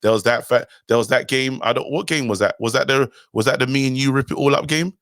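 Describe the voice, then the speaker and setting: A man's voice: mid-range voice, fast talker, a bit bright, no echo. Man, podcast co-host, heated, insistent, dry close sound. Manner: heated, insistent, talks over others. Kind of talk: casual football podcast debate.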